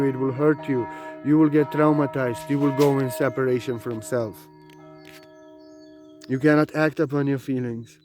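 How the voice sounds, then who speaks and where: A man giving an unscripted spiritual talk, repeating his points, pressing them loudly and then dropping to quiet musing. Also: medium pitch, steady tone, moderate pace, over music. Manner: emphatic and repetitive, swinging between loud urging and quiet musing. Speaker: spiritual teacher.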